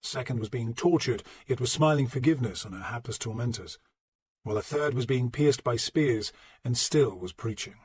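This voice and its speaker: A man narrating an audiobook in a measured, steady storytelling manner. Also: medium pitch, husky. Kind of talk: scripted narration.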